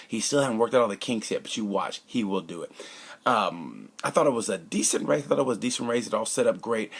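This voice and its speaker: A man's voice: fairly low pitch, creaky, breathy edge. A man giving a casual, opinionated race review. He rambles, cracks jokes and sometimes drops to a conspiratorial whisper. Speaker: motorcycle racing commentator.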